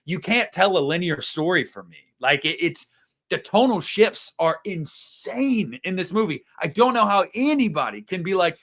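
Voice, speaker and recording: A young man with a notably high voice rants through a casual film review, swearing and exasperated. He talks as a co-host riffing with friends. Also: lively intonation, moderate pace, fairly bright tone. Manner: ranting, profane, exasperated. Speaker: podcast co-host.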